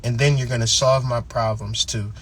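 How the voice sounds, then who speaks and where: A man's voice: mid-range voice, fairly even intonation, normal speed, fairly bright tone, slight background noise, voice pushed down, lightly acted. Man putting on a fickle, moody young woman. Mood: petulant.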